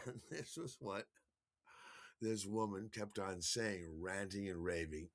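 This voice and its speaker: A man's voice: deep voice, unhurried, a bit bright, dry recording, studio quality. A man hosting his own show, telling a story casually in a rambling way with frequent chuckles and repeated words. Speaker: podcast host.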